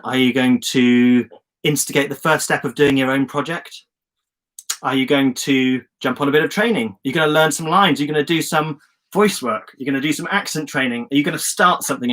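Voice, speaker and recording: A man's voice: mid-range voice, brisk. Chatty encouraging man hosting a live stream. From England. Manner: chatty and encouraging, reads out viewer comments with lively enthusiasm. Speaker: host of a live online journaling session. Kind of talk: casual live-stream coaching. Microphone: phone or webcam on a live stream.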